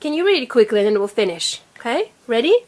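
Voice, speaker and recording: A woman's voice: on the high side, sing-song, fast talker, background noise. A woman teaching a young child to read at home, patiently sounding out letters and praising each try. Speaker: reading teacher. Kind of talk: phonics lesson with a young child.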